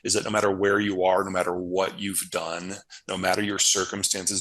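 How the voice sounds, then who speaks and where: A man with a fairly low voice, speaking plainly and bluntly as an interview guest. He leans on repetition for emphasis, stacking phrase after phrase to drive a point home. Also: little pitch movement, normal speed, hardly any pauses, fairly bright tone, rough recording. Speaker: guest analyst. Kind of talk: interview answers, casual explanation.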